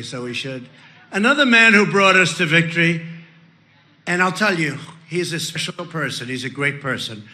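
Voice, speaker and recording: At a political rally, a man with a somewhat high voice introduces candidates, boasting, repeating himself, and ad-libbing as he shouts his punchlines.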